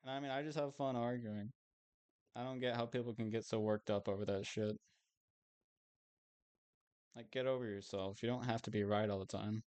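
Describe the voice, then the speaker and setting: A man's voice: on the low side, steady tone, normal speed, pauses often, a little mellow. A young man chatting casually while streaming a game, rambling and self-amused, swearing now and then.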